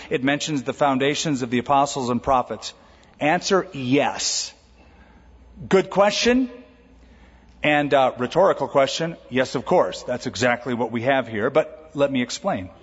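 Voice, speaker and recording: Lively preaching man in a reverberant hall. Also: medium pitch, normal speed, husky. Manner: lively, conversational preaching with jokes. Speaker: pastor. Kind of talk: sermon. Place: church auditorium. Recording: dull recording with long hall reverb.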